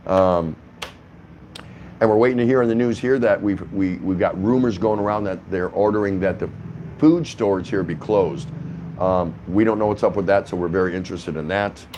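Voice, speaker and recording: A man's voice: sits low, moderate pace, a little mellow, slight background noise. A man hosting a casual vlog from his apartment, rambling and chatty with lots of restarts and fillers. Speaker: vlogger host. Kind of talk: casual talking-head vlog. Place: apartment indoors.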